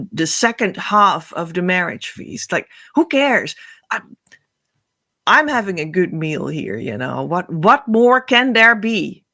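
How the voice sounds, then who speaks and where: A woman's voice: medium pitch, a bit bright. A woman hosting a spiritual podcast, telling a parable in an earnest, emotional, rambling way, often restarting her sentences. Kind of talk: spiritual storytelling monologue.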